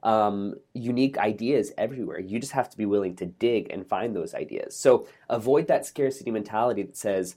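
A middle-aged man, a podcast guest, telling a joke and stories in a lively, optimistic way in a casual interview. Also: fairly low pitch, a little fast, hardly any pauses. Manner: energetic, optimistic, acts out voices in a joke.

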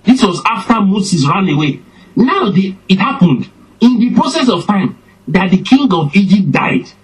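A man preaching a sermon, slow and emphatic, his voice swinging up and down for effect. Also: on the high side, slightly rough, poor audio.

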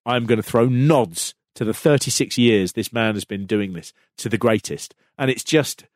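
A man recounts a story on a podcast with real feeling, laughing as he goes and tripping over his words when he gets worked up. His voice sits at a middling pitch. The sound is dry and close, with no room behind it. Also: moderate pace, dry recording. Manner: animated, laughing, restarts often when excited. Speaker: podcast co-host. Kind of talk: casual storytelling chat.

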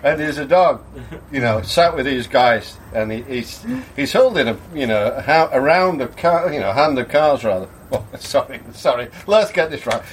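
A man's voice: medium pitch, expressive, normal speed, slight background noise. A man telling a joke to family in a jovial way, stumbling and correcting himself. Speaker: joke teller.

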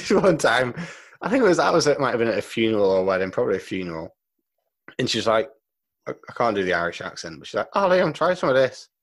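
A man's voice: lowish voice, lively intonation, quick pace, slightly rough. Swearing, joking man. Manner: swearing, joking storyteller, laughs often. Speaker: podcast co-host. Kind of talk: casual banter.

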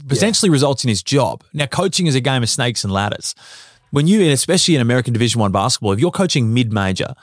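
A young Australian man on a casual podcast, telling lively stories, swearing freely and laughing often. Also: medium pitch, fast talker, dry recording, studio quality. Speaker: podcast guest, former basketball player.

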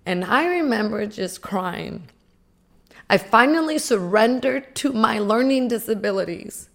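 A woman giving an earnest, emotional personal testimony, with emphatic pauses. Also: fairly high pitch, lively intonation, vocal fry.

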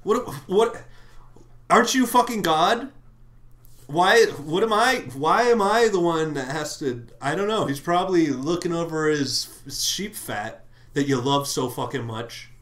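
A man voicing Cain as a furious, bitter young man who rants and swears at God in a loud, exasperated way. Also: a little high, lively intonation, measured pace, roomy sound, pitched above the performer's own voice.

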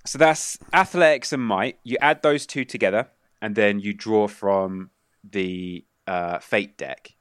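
A man's voice: lowish voice, measured pace, a bit bright, smooth, dry recording, clean studio sound. A man narrating as game master with loose, hesitant phrasing.

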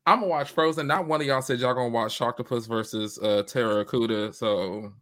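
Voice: medium pitch, fairly even intonation, a little fast. A podcast co-host in casual, playful chat who also reads the show's sign-off.

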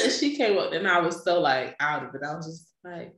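Her voice on the low side and her pace moderate, a young woman spins a lively story in casual conversation. Laughter comes often, and she acts out the voices of those she quotes. The recording has an echoey room sound.

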